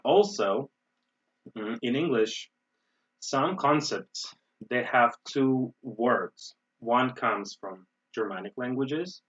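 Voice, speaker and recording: A man from the USA with an American accent, teaching an online webinar lesson in an explanatory way, often checking in with "right?" and pausing with "um". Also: medium pitch, a bit bright, recorded from a distance, lo-fi sound. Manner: explanatory, frequent "right?" and "um" fillers. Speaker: English teacher.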